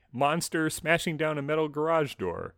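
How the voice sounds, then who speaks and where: A man's voice: on the high side, expressive, a little slow, fairly bright tone, no room sound. A man co-hosting a podcast, walking through clips in casual chat with a wry, dry humor. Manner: dry, wry, often laughs. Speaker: podcast co-host.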